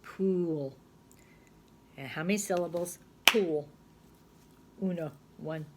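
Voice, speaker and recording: A middle-aged woman teacher giving a recorded phonics lesson, patient and chatty, thinking aloud and sounding words out slowly. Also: lowish voice, very noisy.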